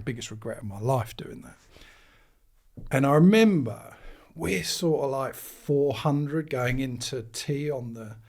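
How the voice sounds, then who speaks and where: A middle-aged English man telling rambling, animated anecdotes in a casual chat as a guest. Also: medium pitch, gravelly, husky. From England. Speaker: guest, cricket managing director.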